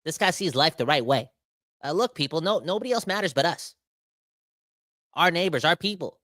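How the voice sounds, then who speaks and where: A man hosting a sports podcast, ranting with animated, emphatic exasperation. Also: on the high side, normal speed, dry recording, clean studio sound. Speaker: podcast host.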